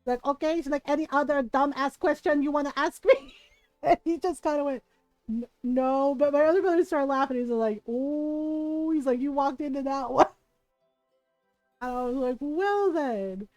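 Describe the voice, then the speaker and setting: A woman's voice: high-pitched, moderate pace, no room sound, highs cut off, faint music behind. A woman streamer chatting casually while she plays, telling family stories with lots of laughter and acted-out voices. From Filipino family. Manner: animated, laughing, acts out family members' voices. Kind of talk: casual storytelling while gaming.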